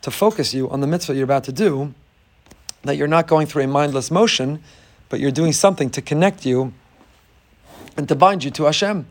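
Animated rabbi teaching a class. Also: male voice, brisk, long pauses. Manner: animated storyteller, rising high when acting out others. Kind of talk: Torah class lecture.

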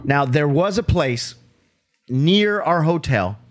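Man with a lively, swinging voice. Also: a little high, takes it slowly. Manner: reacts with short swearing exclamations. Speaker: podcast co-host. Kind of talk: casual storytelling chat.

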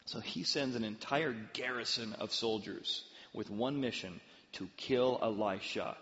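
A man's voice: mid-range voice, expressive, moderate pace, sharp tone. Male pastor, dramatic storytelling sermon, dull reverberant hall recording.

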